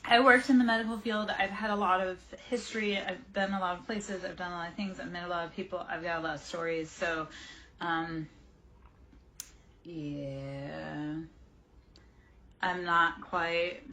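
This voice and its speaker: There's a little hiss or hum as a woman in her forties, voice lowish, steady and a bit bright, talks a touch slowly. Hosting a tarot livestream, she chats casually with viewers and keeps going off on tangents while replying to chat.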